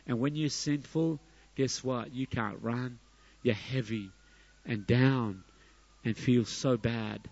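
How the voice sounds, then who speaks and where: Slow, emphatic male preacher. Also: medium pitch, steady tone, creaky, no room sound, dull audio. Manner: emphatic, surging to loud peaks then dropping soft. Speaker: pastor. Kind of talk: sermon.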